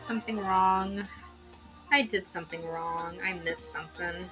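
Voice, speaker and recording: A woman's voice: fairly low pitch, fairly even intonation, measured pace. A woman chatting casually on a stream while drawing, swearing and rambling through asides. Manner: shrieks when shocked. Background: faint music.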